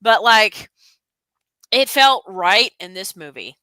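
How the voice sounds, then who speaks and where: A young woman in casual chat, rambling and animated, piling on fillers and restarts. Her voice is bright and forward, and the recording is dry and close, with no room sound. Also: medium pitch, takes it slowly, no echo. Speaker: stream co-host.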